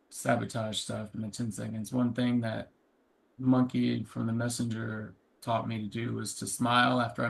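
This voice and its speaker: A man in a meditation group sharing his thoughts in a halting, plain-spoken way. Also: mid-range voice, creaky. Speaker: group member.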